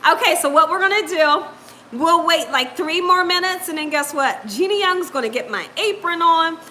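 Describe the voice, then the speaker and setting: A woman's voice: very high-pitched, lively intonation, moderate pace, bright, forceful tone, slight background noise. A woman hosting a live cooking stream, chatting upbeat with viewers, greeting them by name and laughing often. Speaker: cooking channel host.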